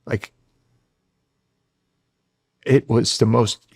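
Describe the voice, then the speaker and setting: A middle-aged man, a former Navy SEAL, telling animated stories as a guest in a long interview, acting out quotes and often restarting his sentences. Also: fairly low pitch, normal speed, gravelly, dry recording. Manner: animated storyteller, acts out quotes, frequent restarts. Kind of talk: storytelling in a long-form interview.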